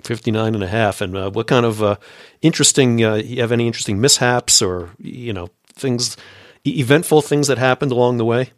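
Halting mid-pitched male host. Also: no room sound, studio quality. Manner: hesitant questions with fillers, laughs along. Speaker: podcast host. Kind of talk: casual interview.

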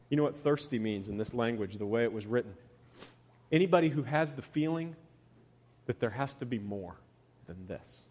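A man in his thirties preaching a conversational sermon as a pastor, often dropping to a soft, quiet voice. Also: mid-range voice, expressive, normal speed, long pauses, in a large hall.

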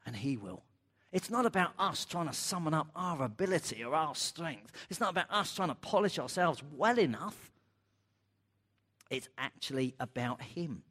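A middle-aged man preaching in a lively, animated way. His voice sits a little higher than most men's. He acts out the people he quotes, jumping up in pitch for their worried lines. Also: moderate pace, long reverb tail. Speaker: pastor. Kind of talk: sermon.

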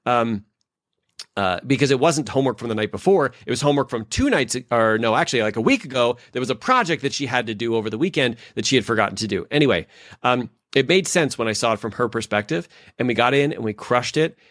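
This man's medium-pitched voice moves fast over a dry, clean studio recording. An animated storyteller and leadership expert co-hosting a podcast, he recounts a family story casually, full of fillers, acting out the things people say.

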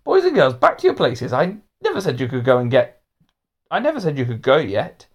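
A man's voice: medium pitch, huge pitch swings, brisk, pitched above the performer's own voice. A fussy male teacher, easily flustered and prim, whose voice leaps up and down as he scolds the class. A man reads him aloud in a storybook. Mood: cross.

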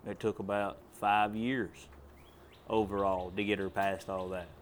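A preacher gives a sermon testimony in a lowish, flat voice, a little slow, with slight background noise. He tells it as a plain, drawling story that builds to loud commands.

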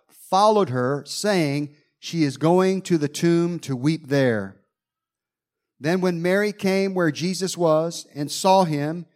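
Dramatic male preacher reading scripture. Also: a little high. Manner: dramatic, acts out groans and sighs.

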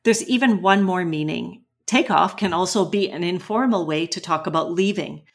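A woman co-hosting an English-learning podcast, explaining pronunciation and vocabulary clearly and patiently. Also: fairly low pitch, moderate pace. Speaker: English teacher co-host. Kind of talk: educational podcast chat.

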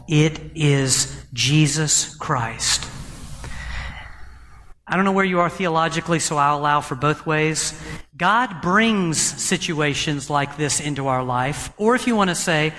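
A man preaching a sermon as pastor, animated, slowing down for emphasis. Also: on the high side. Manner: animated preaching, slows for emphasis, acts out voices. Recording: long reverb of a hall.

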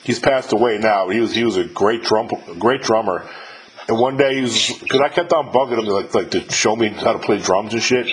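A middle-aged podcast host chats loosely with a musician he's interviewing, swearing freely and filling his speech with fillers and restarts. His voice sits on the low side, he talks a little fast, and the audio is poor.

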